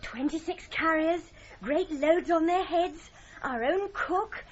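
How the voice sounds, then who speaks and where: An actress playing an excitable young British bride on a trek, talking in a bubbly way. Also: female voice, very high voice, slow. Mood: excited. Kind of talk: radio drama acting. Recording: muffled radio recording with noise.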